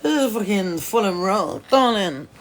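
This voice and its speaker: A woman's voice: mid-range voice, measured pace, slight background noise. A woman chatting casually on a phone livestream, swearing freely and calling people darling. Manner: swears a lot, animated, calls people darling.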